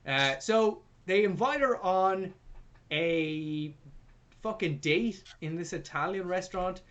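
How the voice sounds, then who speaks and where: Young guy podcast host, lively swoopy voice, swears a lot, jokey movie rant. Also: high voice, unhurried, highs cut off. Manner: animated, sweary, jokey retelling. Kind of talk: casual film review chat.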